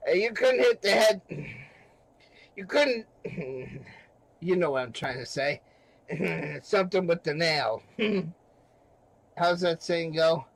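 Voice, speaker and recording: A man's voice: high-pitched, fairly bright tone, dry recording, low-quality recording. A man in a rambling livestream chat, brash and often chuckling.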